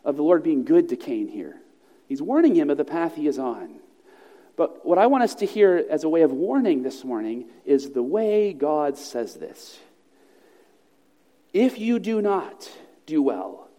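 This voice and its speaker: A man with a high, mellow voice preaching a sermon in a church sanctuary. He speaks in a measured, earnest way and slows down to stress key phrases. The sound carries a long reverb from the large hall. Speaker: pastor.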